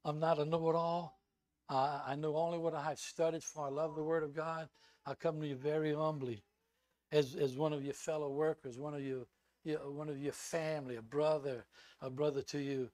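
An older man, a visiting preacher, giving a sermon full of personal stories and acting out quoted lines loudly. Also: fairly high pitch, dry recording. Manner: animated storyteller who acts out loud quoted lines.

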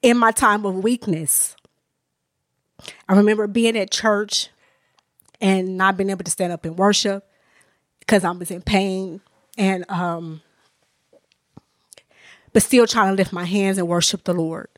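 A woman tells her faith story on a podcast, earnest and open and often close to tears. She talks in loose, conversational bursts full of restarts and "you know." Her voice sits at a middle pitch and sounds dry and close to the mic. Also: fairly even intonation, measured pace, long pauses, dry recording. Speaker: author and minister, podcast guest. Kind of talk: candid personal testimony in conversation.

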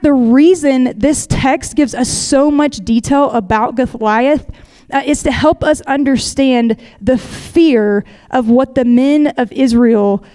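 A woman's voice: high voice, a little mellow. A woman giving a sermon, reading scripture aloud and explaining it conversationally, inviting listeners to picture the scene. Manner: reads scripture aloud steadily. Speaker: preacher.

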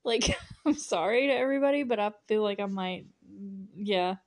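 A woman's voice: medium pitch, normal speed. A young woman hosting a podcast, casually recapping a movie with frequent laughs and sarcastic asides. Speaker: podcast host.

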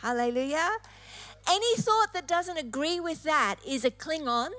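A woman's voice: high-pitched, animated, measured pace, fairly bright tone. A woman preacher delivering an emphatic sermon, stressing points through repetition. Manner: emphatic, repeating phrases for effect.

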